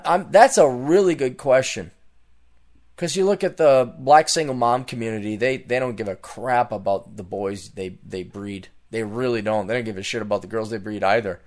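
A man hosting a podcast alone, delivering a rambling, repetitive rant that swings between loud outbursts and muttered asides. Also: mid-range voice. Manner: rambling, repetitive, loses his thread. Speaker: podcast host. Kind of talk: ranting solo monologue.

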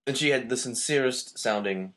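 An American man co-hosting a podcast, talking casually about a film in a relaxed, loose way. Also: medium pitch, normal speed. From United States. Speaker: podcast co-host.

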